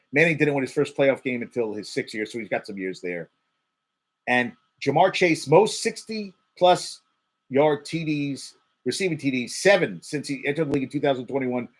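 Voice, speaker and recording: A man hosting a casual sports talk show, rattling off stats, getting heated and swearing, repeating words for emphasis. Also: mid-range voice. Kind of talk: casual sports commentary monologue.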